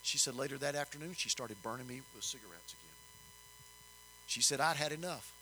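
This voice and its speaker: An older man telling a story in a sermon, folksy and animated, rising in emphasis. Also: medium pitch, brisk, a little hiss or hum, poor audio. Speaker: preacher.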